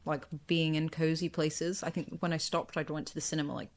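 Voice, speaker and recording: A woman's voice: low-pitched, steady tone, a little fast. A woman guest on a podcast, chatting casually, laughing often, with many fillers. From England. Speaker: podcast guest, marketing agency founder. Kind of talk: casual conversational interview.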